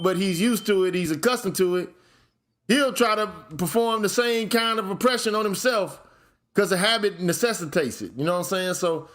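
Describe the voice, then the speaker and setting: Hosting his own channel, a man gives casual commentary in a high-pitched voice. He's blunt and profane, sometimes building up into shouted rants.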